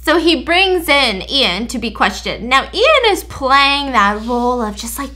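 A woman's voice: sits high, unhurried, hardly any pauses. Chatty young woman telling a story. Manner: chatty, animated retelling with mock-censored swears. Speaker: YouTube storyteller. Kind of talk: casual storytime while baking.

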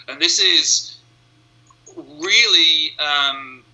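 A man's voice: a little high, very slow, pushed and bright, low-quality recording. A man, a hypnotist being interviewed, explaining his method step by step in casual conversation and acting out what his clients think. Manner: explains step by step, acts out clients' inner voices. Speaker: hypnotist guest.

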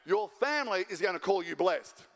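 The voice is high-pitched, expressive, and a bit bright, at a moderate pace with a long reverb tail: an Australian man preaching as a guest pastor in a church auditorium. He exhorts with fired-up energy, hammering his points repeatedly.

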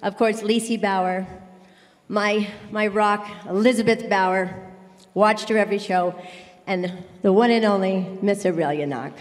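A woman's voice: mid-range voice, normal speed, in a large hall. A middle-aged woman giving a heartfelt, emotional award acceptance speech in a large circus tent.

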